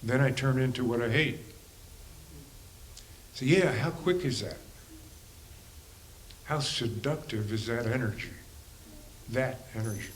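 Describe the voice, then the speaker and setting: A man's voice: medium pitch, a little hiss or hum, poor audio. A man who works as a spiritual teacher and counselor, giving a reflective talk to a congregation in a conversational, musing way, with rhetorical questions and the odd chuckle.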